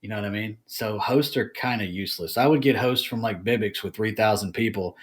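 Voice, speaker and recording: A man's voice: lowish voice, brisk, husky. A man from the United States in casual podcast chat, rambling and hesitant, trailing off. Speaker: streamer guest.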